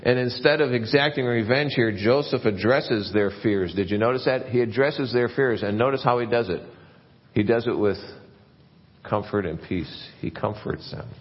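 A man preaching a sermon as pastor, earnest, his voice rising and growing louder when he stresses a point. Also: medium pitch, normal speed, big-room sound, highs cut off.

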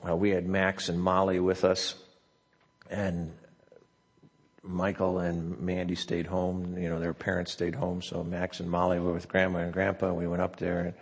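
Older pastor, gravelly voice in a hall. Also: male voice, low voice, completely flat delivery, normal speed. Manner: storytelling with many fillers and restarts. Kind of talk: sermon. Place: church sanctuary. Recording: long church hall reverb.

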